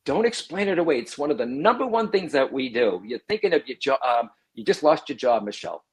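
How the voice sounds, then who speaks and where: A man, a guest on a talk show, explaining in an animated conversational way and acting out the voices he quotes. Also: mid-range voice, a little fast, slightly rough. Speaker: psychic medium guest.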